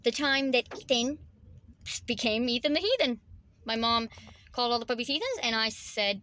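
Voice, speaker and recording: A woman vlogger fondly counting down memories of her dog in a halting, rambling way with many restarts. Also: a little high, sharp tone. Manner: fond, reminiscing about her dog. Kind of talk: casual countdown vlog.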